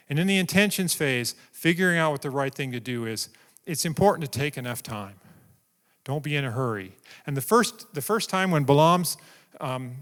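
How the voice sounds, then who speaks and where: A man preaching a sermon, telling a story in an animated way and acting out its scenes. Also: mid-range voice. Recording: long reverb in a large hall.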